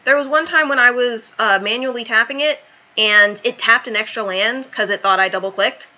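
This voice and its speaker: A young adult woman chatting casually and thinking out loud as she plays a card game. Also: a little high, moderate pace, lo-fi sound. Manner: chatty, thinks aloud while playing. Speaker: streamer. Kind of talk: casual gameplay commentary.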